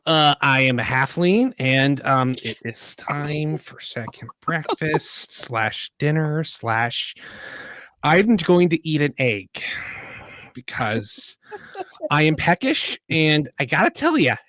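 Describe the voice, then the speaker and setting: A man voicing a chatty, peckish male halfling adventurer in a thin, high, helium-like voice, rambling politely in a tabletop role-play. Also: big pitch swings, takes it slowly, fairly bright tone, dry recording, full character voice. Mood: rambling, grateful.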